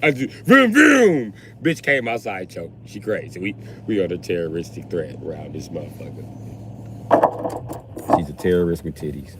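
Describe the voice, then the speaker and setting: Heavy background noise surrounds a man ranting at normal speed during a live stream from his car. The rambling talk is crude and jokey, with his voice swinging up and down in pitch.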